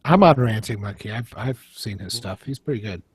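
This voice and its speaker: A man's voice: lowish voice, expressive, a little fast, husky, dry recording. A man joking on a group livestream, poking fun at his own voice. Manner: self-deprecating jokester. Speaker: livestream guest. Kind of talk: casual group livestream chat.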